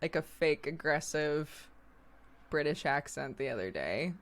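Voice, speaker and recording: A woman hosting her stream, chatting casually about her day. Her pitch swings widely and animatedly as she tells stories. She laughs often and swears offhandedly. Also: lively intonation, unhurried. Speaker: streamer host. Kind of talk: casual chat.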